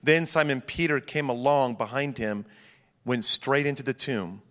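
A man reads scripture aloud to a church congregation in an earnest, dramatic way. His mid-pitched voice rings in a long hall reverb. He drops in the odd aside between verses. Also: normal speed, a bit bright. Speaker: scripture reader.

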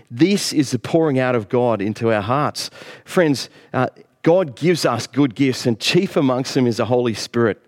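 A man's voice: mid-range voice, a little mellow. A middle-aged man preaching a sermon as pastor, earnest, lifting his voice on key phrases.

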